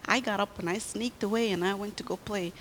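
A woman's voice: medium pitch, fairly even intonation, fairly quick, in a large hall, a little hiss or hum. A woman giving a children's sermon in church, telling a story and quizzing the kids as she goes.

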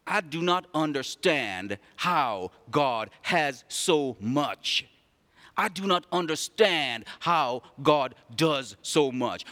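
A man preaching a sermon, swinging between loud raised passages and quiet storytelling. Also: big-room sound. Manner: preaching with big swings in pitch and loudness. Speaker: pastor.

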